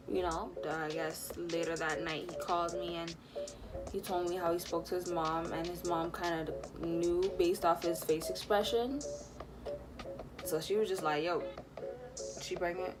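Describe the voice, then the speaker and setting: Young woman telling a storytime. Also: lowish voice. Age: young adult. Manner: animated, lots of fillers, acts out quotes. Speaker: vlogger. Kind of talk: storytime vlog, casual retelling.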